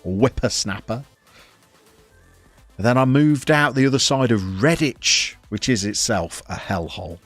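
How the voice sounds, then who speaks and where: A man from the English Midlands with a soft Birmingham accent, chatting casually and wryly to his chat while playing a football management game. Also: medium pitch, animated, a little slow, dry recording, soft background music. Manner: wry, self-mocking chatter to chat. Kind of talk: casual live-stream commentary.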